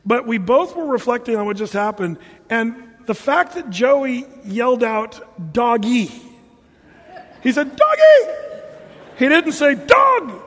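Animated pastor with a high voice. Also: male voice, measured pace. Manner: storytelling, animated, bursts into loud exclamations. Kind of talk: sermon. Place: church hall. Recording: church hall reverb.

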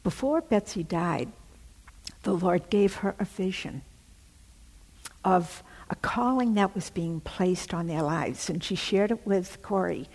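A woman preaching and telling a story, her breathy voice dramatic and often sinking to a near whisper. She speaks slowly, and her words ring out with a long reverb, as if in a large hall. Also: fairly low pitch, a little mellow. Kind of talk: sermon storytelling.

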